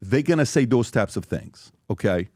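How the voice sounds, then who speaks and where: Guy hosting a podcast, animated, does voices for quotes, dry studio mic. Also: mid-range voice, a little fast, dry recording. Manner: animated, acts out quotes and reads tweets aloud. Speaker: podcast host. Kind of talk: casual podcast talk.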